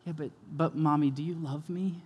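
A man's voice: fairly high pitch, steady tone, normal speed, husky. A man voicing his three-year-old daughter, tearful and stammering as she asks if her parents still love her, with a long hall echo. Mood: pleading. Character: anxious little girl of three pleading for love. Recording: long reverb of a large hall.

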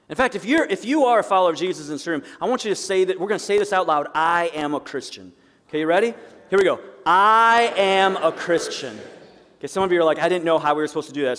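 A middle-aged pastor preaching a sermon, swinging between loud emphatic lines and hushed asides. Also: male voice, high-pitched. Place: church sanctuary. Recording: long reverb of a church hall.

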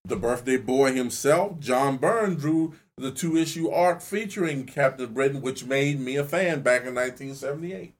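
A man's voice: mid-range voice, moderate pace, few pauses. A man co-hosting a casual chat podcast, recounting things at an easy pace. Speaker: podcast co-host.

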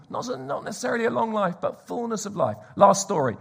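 Husky guy preaching, tells stories, goes all quiet and whispery for the big bits. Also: high voice, lively intonation, fast talker, few pauses. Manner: storytelling, drops to a hushed whisper for emphasis. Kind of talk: sermon.

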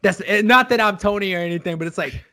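Male podcast co-host, high voice, excitable, profane, casual. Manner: excitable, swears freely, fast bursts. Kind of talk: casual chat.

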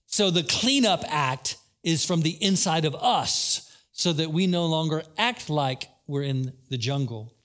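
A man preaching a sermon as pastor, animated, acting out quotes and calling out questions to the congregation. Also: fairly high pitch, measured pace, hardly any pauses.

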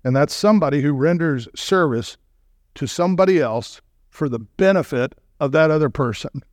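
A man preaching as a guest speaker, animated and emphatic, with joking asides to the congregation. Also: fairly high pitch, normal speed, dry recording, studio quality. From Southern California. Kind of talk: sermon.

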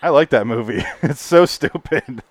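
A man's voice: medium pitch, normal speed. A man co-hosting a podcast, chatting casually about movies, swearing often and telling stories with laughs. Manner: animated, swearing, laughing storyteller. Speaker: podcast co-host.

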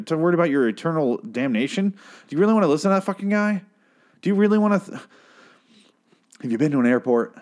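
A man's voice: on the high side, darkish tone. A man hosting a podcast who delivers an exasperated, heavily profane comedic rant and keeps breaking off to apologize. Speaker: podcast host.

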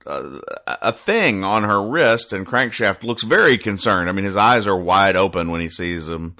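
Man, low voice, bright edge, rambling self-mocking comic reader. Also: animated, normal speed. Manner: rambling, self-mocking, acts out characters' lines in bursts. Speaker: comic strip reader and host. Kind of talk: casual comedic commentary.

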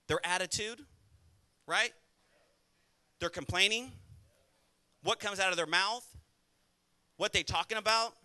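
A male pastor delivers a sermon in a rapid, conversational rush. His voice sits high and rings very bright. He keeps pressing his points and calls on the congregation to answer back. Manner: emphatic preaching with call-and-response to the congregation.

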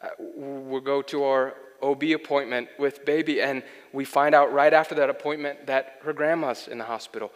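A young man preaching a sermon, earnest, swinging between loud pleading and soft, intimate delivery. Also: medium pitch, steady tone, moderate pace, few pauses. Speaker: pastor. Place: church hall. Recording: long hall reverb, faint music.

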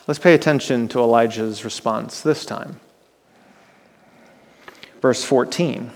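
A man's voice: medium pitch, lively intonation, slow, gravelly, in a large hall. A male pastor preaching a sermon, retelling scripture dramatically and asking the listeners rhetorical questions.

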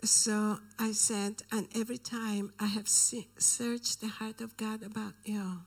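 A woman's voice: mid-range voice, steady tone, measured pace, hardly any pauses, husky. A woman preaching and telling a personal story, often dropping into a whisper for emphasis. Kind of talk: sermon storytelling.

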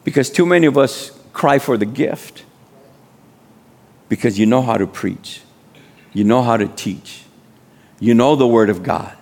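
A man of medium pitch, with a creaky, darkish-toned voice, preaches unhurriedly as a guest, leaving long pauses. He urges the congregation on through casual street-style speech and repeated calls of "amen."

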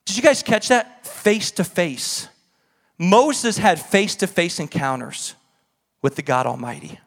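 A young man preaching a sermon with passion, his voice climbing toward near-shouting at emotional peaks. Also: sits high, sing-song, unhurried, vocal fry. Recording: long hall reverb.

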